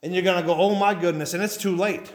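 A fiery pastor preaching to his church, his voice pitched high for a man and ringing through a roomy, echoing hall. He pleads and warns in a folksy drawl. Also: steady tone, fast talker. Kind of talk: sermon.

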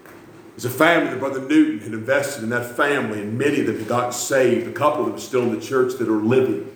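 Guy preaching revival, gets loud and fired up, big echoey church. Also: fast. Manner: swings from quiet storytelling to shouted, high-pitched fervor. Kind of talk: revival sermon.

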